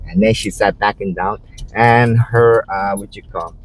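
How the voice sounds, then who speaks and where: A man's voice: on the low side, fairly even intonation, unhurried, poor audio. A man who drives rideshare, chatting while driving, rambling with lots of "you know" and restarts. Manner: acts out quotes in a raised voice. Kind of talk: casual storytelling while driving. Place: inside a moving car. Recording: faint car road noise.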